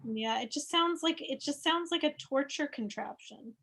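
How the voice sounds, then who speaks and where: Candid expectant mother, higher voice with vocal fry, speaks bluntly and swears. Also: normal speed, fairly bright tone. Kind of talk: casual conversation.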